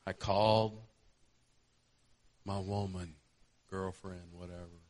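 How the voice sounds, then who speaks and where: A man's voice: deep voice, flat delivery, slow pace, darkish tone, a little hiss or hum. A male preacher delivering a sermon, telling a conversion story and building to an impassioned altar call.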